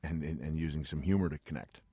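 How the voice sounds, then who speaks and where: A man's voice: very deep voice, quick pace, dark tone, breathy edge, no echo. A middle-aged man telling wrestling stories as a radio interview guest, chatty and self-deprecating, laughing often. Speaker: guest, retired pro wrestler. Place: radio studio. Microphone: studio mic.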